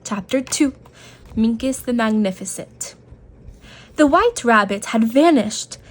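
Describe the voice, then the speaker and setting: Woman reading a kids' storybook aloud, gentle, expressive, fairly high voice, slow pace. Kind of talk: reading a picture book aloud for children.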